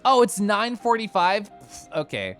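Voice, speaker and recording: A man's voice: sits high, very animated, unhurried, a bit bright, soft background music. A man livestreaming and chatting casually with his viewers, playful and teasing, often giggling. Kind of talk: casual chat with stream viewers.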